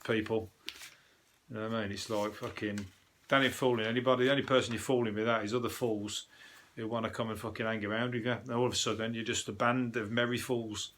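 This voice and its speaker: A comedian host from Birmingham, England, speaks with a Birmingham accent in a fairly low, somewhat bright voice. He hosts a casual comic news review, rambling, swearing and sounding scornful.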